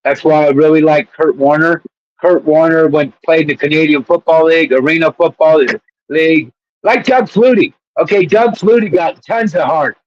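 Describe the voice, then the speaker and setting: A man's voice: fairly high pitch, moderate pace, dry recording, lo-fi sound. A man co-hosting a casual sports chat show, rambling and laughing as he tells stories. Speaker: co-host.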